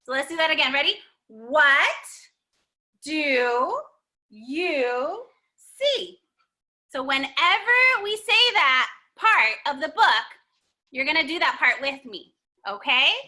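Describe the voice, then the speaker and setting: A young woman leads children through a story-time yoga class. Her voice is very high, bright and clear. She talks slowly in a sing-song, encouraging way, recorded on a computer microphone. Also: expressive. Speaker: kids' yoga teacher. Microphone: computer mic.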